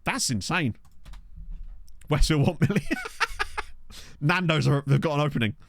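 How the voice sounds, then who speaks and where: A man casually commenting on a football management game he is playing, chatty and excitable, reacting aloud and talking to his chat. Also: a little high, a little slow, vocal fry. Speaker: streamer. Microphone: desk microphone.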